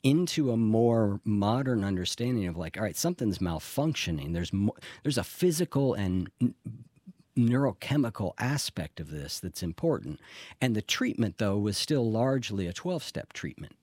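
A man's voice: lowish voice, lively intonation, moderate pace, darkish tone, no room sound, clean studio sound. A middle-aged man speaking candidly in an interview, reflective and earnest, with the odd restart. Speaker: interview guest in addiction recovery.

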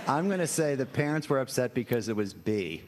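A man's voice: mid-range voice, sing-song, a little fast, background noise. A man in his sixties, a priest guest, telling anecdotes with self-deprecating chuckles. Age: 60s. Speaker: priest guest on a comedy quiz show. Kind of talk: storytelling interview answers.

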